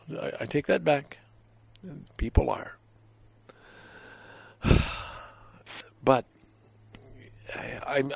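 Speaking from the deck of his home, a man delivers a relaxed personal monologue, rambling candidly and being hard on himself. His middle-range voice is gravelly, with a noticeable fry at the bottom. The recording is rough.

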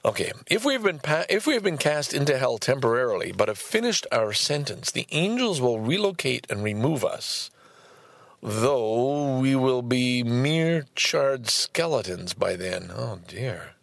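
A man reading a book aloud and commenting on it, breaking into exasperated, swearing outbursts between calm passages. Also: medium pitch, measured pace, vocal fry, no room sound. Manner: swears often.

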